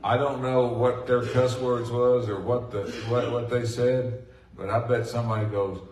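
A middle-aged man preaching a sermon in a folksy, animated way, swinging from loud bursts to hushed asides. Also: mid-range voice, normal speed. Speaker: pastor. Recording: echoey room from a distant mic.

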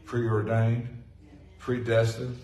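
Folksy preacher, echoey and distant. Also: male voice, medium pitch, very slow. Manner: folksy, animated preaching with swings from loud to hushed. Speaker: pastor. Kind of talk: sermon. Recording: echoey room from a distant mic.

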